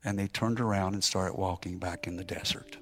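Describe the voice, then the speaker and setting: A man telling a story in a sermon as a preacher, building to loud, emphatic pleading. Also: sits low, steady tone, a little fast.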